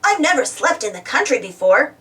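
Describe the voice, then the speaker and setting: A woman voicing an excitable young female truck who stammers when frightened, a little away from the mic. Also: high-pitched, fairly quick, recorded from a distance, heavily acted. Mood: excited. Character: jittery young female toy-like truck, easily scared.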